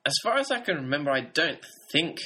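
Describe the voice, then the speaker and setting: A man in casual conversation, calmly explaining story details and hedging with "I think". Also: fairly high pitch, brisk. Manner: explains plot points steadily, hedging with "I think". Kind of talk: casual podcast chat about a TV drama.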